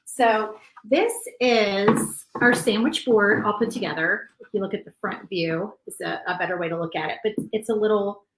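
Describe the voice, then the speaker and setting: A woman's voice: mid-range voice, moderate pace, hardly any pauses. A woman hosting a live painting stream, chatty and full of fillers, emotional and close to tears. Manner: chatty, warm, many fillers, tearful at times. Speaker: craft channel host. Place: home craft room. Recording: echoey room.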